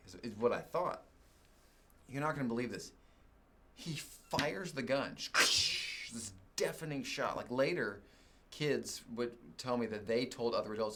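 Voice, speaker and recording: A middle-aged man from Oklahoma preaching, telling a personal story with animated swings and leaps up in pitch when exasperated. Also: normal speed. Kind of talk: sermon storytelling.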